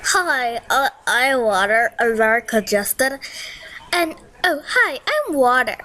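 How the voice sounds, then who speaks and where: A woman's voice: on the high side, very animated, takes it slowly, bright, forceful tone, pitched below the performer's own voice, heavily acted. A woman voicing a weepy, congested water spirit in a comic monologue, complaining in an overly emotional way.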